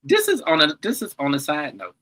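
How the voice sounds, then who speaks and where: A man co-hosting a podcast in casual chat, animated and exclamatory, swearing freely. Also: a little high, fairly quick.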